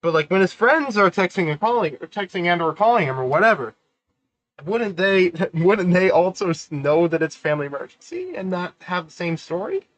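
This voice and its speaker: A male streamer reacts casually to a clip, rambling with lots of fillers while he eats. His voice sits a little high and sounds dry and close, with no room around it. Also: sing-song, normal speed, fairly bright tone, dry recording, rough recording. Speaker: livestream host reacting.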